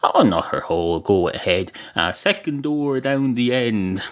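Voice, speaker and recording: A slightly hoarse Irish man voicing a chatty barman who teases and rambles with many fillers. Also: mid-range voice, expressive, measured pace, lightly acted. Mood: teasing. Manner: rambling, teasing, full of uh fillers. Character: chatty, teasing male barman.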